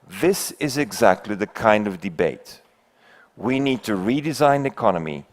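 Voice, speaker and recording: A man's voice: medium pitch, lively intonation, normal speed. An older man from Belgium, not an English speaker, giving a conference talk and telling a fable with rhetorical questions to the audience. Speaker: keynote speaker. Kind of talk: conference speech with a told fable. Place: conference hall.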